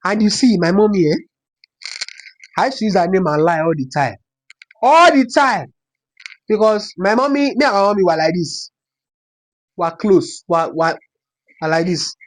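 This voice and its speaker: Pausing often, the young Nigerian storytime vlogger speaks at normal speed in an animated, mid-range voice. Their Yoruba-inflected accent colors a casual, dramatic personal story, with phrases echoed for emphasis.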